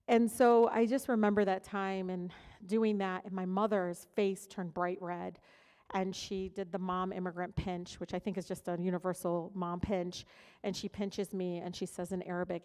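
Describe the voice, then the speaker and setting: A middle-aged woman from Detroit speaks as a keynote speaker, sharing personal stories. Her delivery is candid and conversational, full of fillers and quick asides, at a middle pitch. The sound carries the long reverb of a large hall. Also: flat delivery, a little mellow, clean tone. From Detroit, USA. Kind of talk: personal storytelling speech.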